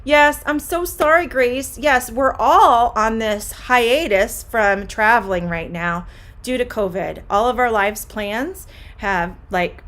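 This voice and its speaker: Slow, clear woman teacher. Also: mid-range voice. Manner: slow, warm, clear teacher talk, greeting viewers by name. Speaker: English teacher. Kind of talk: live online Q&A lesson. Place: home classroom.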